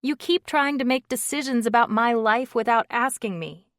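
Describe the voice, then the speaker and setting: A woman's voice: fairly high pitch, moderate pace, no room sound, voice pushed up, lightly acted. A spirited, wary young woman asking pointed questions in a lifted voice, as a woman narrator plays her. The recording is close and dry. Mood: indignant.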